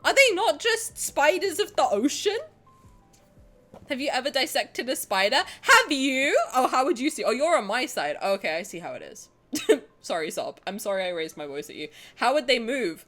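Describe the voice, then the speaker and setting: A woman's voice: sits high, sing-song, normal speed, fairly bright tone, soft background music. A young woman streaming from home, bantering with her chat, swearing freely and breaking into laughter. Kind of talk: casual live-stream chat.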